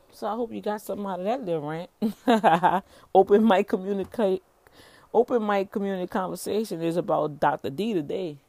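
A woman's voice: on the low side, darkish tone, no echo. A middle-aged woman, an entrepreneur, giving a casual motivational rant in a preachy way, calling her listeners y'all and often repeating words.

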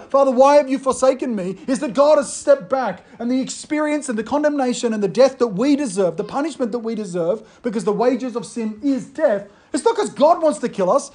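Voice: medium pitch, a little mellow. Earnest preacher explaining scripture. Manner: earnest, explanatory, reads quotes aloud. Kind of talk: sermon.

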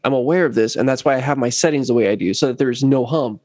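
A man tells a story in casual chat and slips into other voices for the quotes, his pitch jumping up and down as he goes. His voice is mid-pitched and dry, recorded close with little room sound. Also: fast talker, no room sound. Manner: animated, acts out quotes of others. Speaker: bass player telling a story.

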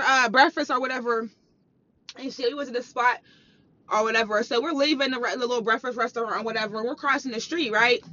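A woman's voice: fairly high pitch, bright, forceful tone. A young woman telling a personal story as a heated, profane rant, repeating herself for emphasis. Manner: profane, heated, repetitive ranting. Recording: dull lo-fi recording.

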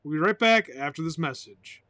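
A man talking solo on his own podcast, rambling excitably and swearing, breaking into loud outbursts and laughter. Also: on the high side, moderate pace, no echo, studio quality. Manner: excitable, swears loudly, bursts into shouting and laughter. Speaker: podcast host.

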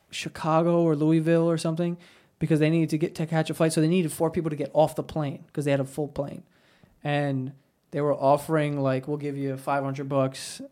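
A man hosting a podcast, telling a story in casual chat with lots of swearing and animated asides. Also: a little high. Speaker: podcast host.

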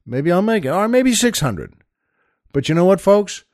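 Lively, chatty older man hosting a show. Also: high-pitched, normal speed, no room sound, clean studio sound. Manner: chatty, enthusiastic, rambling asides. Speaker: show host. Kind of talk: casual monologue to listeners.

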